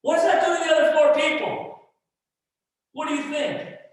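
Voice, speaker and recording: A man preaching a sermon as pastor, impassioned, swinging from quiet asides to shouted lines. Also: extremely high pitch, flat delivery, normal speed. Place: church sanctuary. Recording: echoey hall, distant mic.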